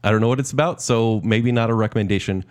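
A man co-hosting a casual movie podcast, chatty and joking in quick asides. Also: on the low side. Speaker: podcast co-host. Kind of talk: casual chat about movies.

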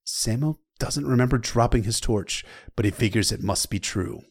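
Here a male storyteller talks at an ordinary speed in a mid-range voice with a breathy edge. His retelling of a novel's chapter is relaxed and chatty, sprinkled with offhand remarks to the listener and the occasional curse word.

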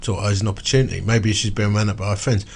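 Lower-voiced man spinning a yarn. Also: rapid-fire, creaky, slightly rough. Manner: animated, chatty storyteller with asides. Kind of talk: casual storytelling chat.

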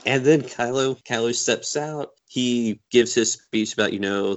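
A man co-hosting a podcast, retelling a favorite film scene with excited, animated storytelling. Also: medium pitch, measured pace. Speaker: podcast co-host. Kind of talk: casual fan discussion.

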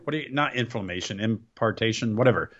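A man grumbles sarcastically through a wrestling recap, stumbling over words as he goes. His pitch swings widely. The recording is dull and lo-fi, like a basic home podcast mic. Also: animated, quick pace, fairly bright tone. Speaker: podcast co-host. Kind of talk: casual wrestling recap chat.

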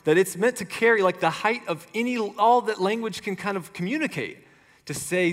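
A man preaches a sermon in a loose, conversational way, full of everyday fillers. His voice sits a little higher than most men's. A long reverb trails each phrase. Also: moderate pace. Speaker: pastor.

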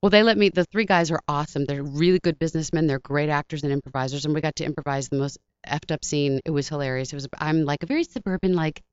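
A woman voice actress telling animated stories as a guest in a casual interview, heard on a dull lo-fi recording. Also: sits low, smooth, dry recording. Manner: animated, fast storyteller.

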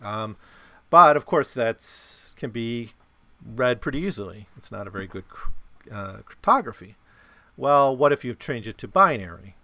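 A man's voice: medium pitch, lively intonation, moderate pace, pushed and bright, no room sound. A man giving a casual explanatory talk about a novel, often checking in with listeners by asking "right?". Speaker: lecturer on a novel.

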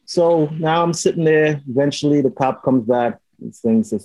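A man in casual chat, telling a story in an animated way and acting out the lines of the people in it. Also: a little high, moderate pace, few pauses, dry recording, poor audio. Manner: animated storytelling, acts out quotes with swearing.

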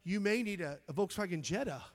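This is a middle-aged preacher with a high-pitched, animated voice, talking a little fast. His fervent sermon alternates loud outbursts with soft, nearly whispered storytelling, and he repeats words when moved.

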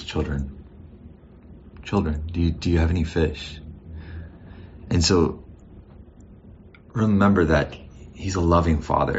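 A man's voice: rumbling low, muffled recording, slight background noise. A man preaching a sermon as pastor in a conversational, reflective way, often restarting his sentences.

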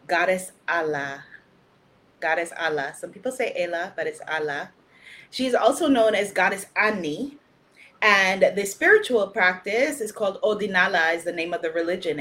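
A woman hosting a live spiritual circle, loud and exuberant, repeating affirmations, then turning slow and hushed when she speaks reverently. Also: mid-range voice. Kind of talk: live-streamed spiritual talk.

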